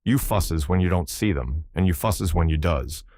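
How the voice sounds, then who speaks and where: A man's voice: deep voice, moderate pace, darkish tone, dry recording, clean studio sound. A man doing a grumbling, scolding teenage boy.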